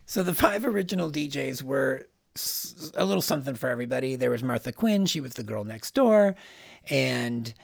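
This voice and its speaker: A man's voice: mid-range voice, lively intonation, normal speed, creaky, no room sound, clean studio sound. A man co-hosting a podcast, chatting in a rambling, easygoing way and laughing easily. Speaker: podcast co-host. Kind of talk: casual chat about pop culture.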